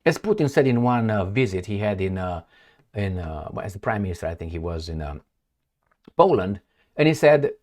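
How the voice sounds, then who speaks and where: A man's voice: on the low side, big pitch swings, moderate pace, darkish tone. A man from Eastern Europe, a non-native English speaker, giving a heated, sarcastic political monologue while pointing at a map. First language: Romanian. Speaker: political commentator. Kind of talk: opinionated monologue.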